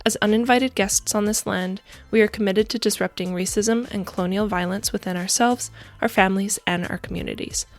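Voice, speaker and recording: Gravelly-voiced young woman chatting, congested. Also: medium pitch, fairly even intonation, fairly quick, hardly any pauses, faint music behind. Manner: chatty, laughs often. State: congested, phlegmy. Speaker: podcast co-host. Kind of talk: casual chat.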